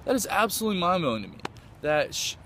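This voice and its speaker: A man's voice: high voice, sing-song, quick pace, fairly bright tone, a little hiss or hum. A man from the United States, enthusiastically recounting a trip in a rambling, casual way with lots of fillers and restarts. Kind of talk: casual storytelling.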